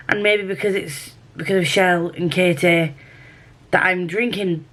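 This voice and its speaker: A woman's voice: on the low side, fairly even intonation, moderate pace, a bit bright. A woman with a Yorkshire accent chatting casually in a book vlog, rambling and correcting herself as she goes. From Yorkshire, England. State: feeling unwell. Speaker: book vlogger.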